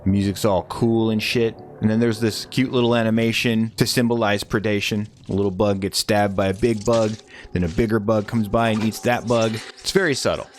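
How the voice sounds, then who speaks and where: A man giving a deadpan, sarcastic comedic recap of a movie, voicing the characters' lines. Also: fairly low pitch, brisk, slight background noise.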